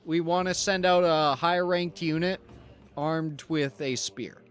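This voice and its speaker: Hesitant high-voiced man running a game. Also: a little slow, soft background music. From Canada. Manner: hesitant, restarts to check choices. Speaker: game master streamer. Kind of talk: narrating a tabletop role-play stream.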